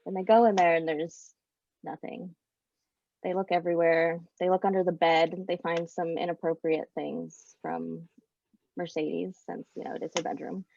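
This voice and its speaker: A woman's voice: on the low side, little pitch movement, moderate pace, gravelly, darkish tone. A woman improvising a story in a game with casual, giggly narration, over slightly muffled audio. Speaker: player.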